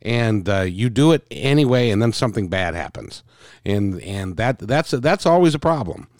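A man hosting a casual interview, speaking in a halting way with many restarts. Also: fairly low pitch, no room sound, studio quality. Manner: halting, restarts, lively intonation.

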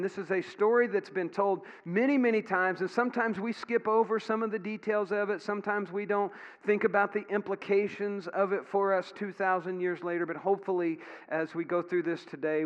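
A middle-aged man preaching a sermon as pastor in a church, telling folksy stories with plenty of fillers. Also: high voice. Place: church sanctuary. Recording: dull sound with long hall reverb.

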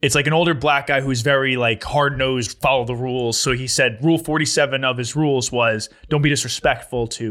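A young man hosts a podcast in loose, casual chat. His voice is bright and forceful, and he often breaks into laughter while he rambles through a story. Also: medium pitch, steady tone, fairly quick, few pauses. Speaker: podcast host.

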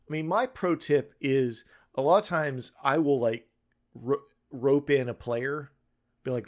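A man who runs tabletop games, chatting casually on a podcast and often stopping to restart his thoughts. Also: mid-range voice. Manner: halting, full of restarts. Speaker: tabletop game master.

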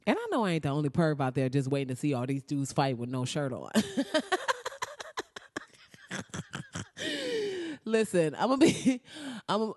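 A young woman in a casual reaction vlog, talking excitedly and profanely, laughing often and slipping into mock-outraged asides. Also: on the low side, no echo, clean studio sound. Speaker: vlogger reacting to a movie trailer.

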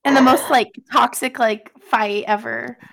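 A woman co-host with a high voice, chatting fast and loose. She retells scenes with animated detail and fills her sentences with "like". It is easy, casual talk between friends. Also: vocal fry. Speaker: podcast co-host. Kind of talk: casual chat recapping a TV episode.

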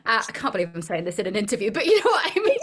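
A woman's voice: mid-range voice, huge pitch swings, racing, a bit bright. A young woman, an actress being interviewed, chatting casually, rambling and giggling often. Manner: giggly, rambling, self-deprecating.

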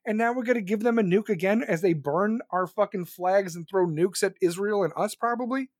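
A man hosting a podcast, ranting angrily about politics with constant swearing and shouted questions. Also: sits high, a little fast, dry recording, studio quality. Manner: profane, furious, shouting questions. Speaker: podcast host. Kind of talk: angry political rant.

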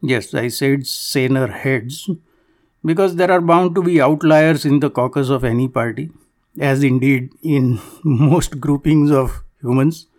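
A man from Canada delivering a formal, measured political commentary monologue with a dry, wry edge. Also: medium pitch, a little mellow.

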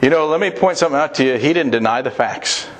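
A man's voice: mid-range voice, lively intonation, fast, slight background noise. Male pastor, mid-range voice, earnest and conversational in the pulpit. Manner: earnest, conversational preaching with direct questions to listeners. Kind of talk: sermon.

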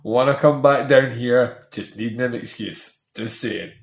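A man's voice: medium pitch, a little slow. A man co-hosting a podcast, cracking jokes and laughing while recapping an episode. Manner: jokey, adds punchlines and laughs. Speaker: podcast co-host. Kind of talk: casual chat.

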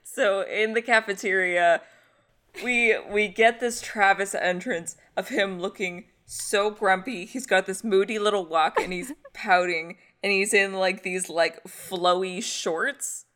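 A woman's voice: medium pitch, a little slow, fairly bright tone. A woman co-hosting a podcast, chattily recapping a TV episode, laughing often and peppering her talk with fillers. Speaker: podcast co-host. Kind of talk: casual TV episode recap chat.

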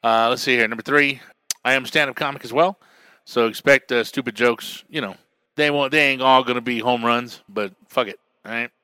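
A man from New Mexico who works as a radio DJ and comic, hosting his own podcast in a loud, profane, beer-drinking monologue. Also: mid-range voice, fairly even intonation, brisk, clear, resonant tone, dry recording. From Albuquerque, New Mexico. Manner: loud, swearing, drinking beer while talking.

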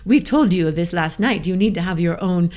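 Animated woman from the American South. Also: on the low side, moderate pace. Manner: animated, laughs often while telling a story. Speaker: guest. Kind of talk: casual storytelling.

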